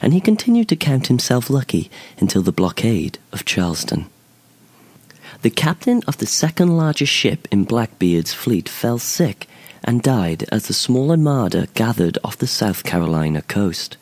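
A man narrating a fantasy short story in a measured, expressive storytelling manner. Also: medium pitch. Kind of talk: scripted narration.

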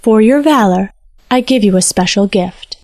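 A kind, regal fox spirit from a fantasy tale, voiced by a woman reader. She speaks softly and graciously, with a middle pitch. The recording is dry and close. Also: normal speed, dry recording, natural voice. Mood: gentle. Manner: soft, gentle and regal. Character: gracious nine-tailed fox spirit, female.

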